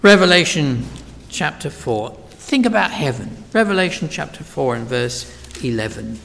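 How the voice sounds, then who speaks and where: High, gravelly preacher in a reverberant hall. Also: male voice, very animated. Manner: dramatic swings from hushed to loud, slow and emphatic. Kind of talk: sermon. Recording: long reverb of a large hall.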